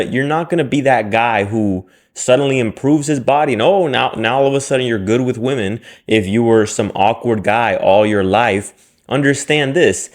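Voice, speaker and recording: A man giving blunt dating advice straight to camera, talking in slang and jumping into mocking impressions of other guys. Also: on the low side. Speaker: dating coach. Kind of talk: direct-to-camera advice monologue.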